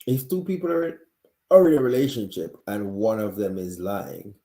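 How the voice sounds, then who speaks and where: A man hosts a live-streamed talk show while sick and coughing, with a mellow, dark tone. He speaks earnestly and directly to his audience and often restarts his sentences. The sound has the echo of a hard-walled room. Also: fairly low pitch, very animated, normal speed. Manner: earnest, talks straight to viewers, frequent restarts. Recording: echoey room.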